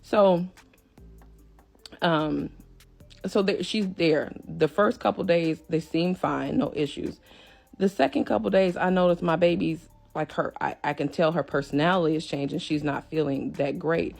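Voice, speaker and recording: A woman recounts a tense family story straight to her viewers. Her low, gravelly voice is full of vocal fry, and faint music plays underneath. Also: measured pace. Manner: animated, addresses viewers as y'all. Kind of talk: casual storytime.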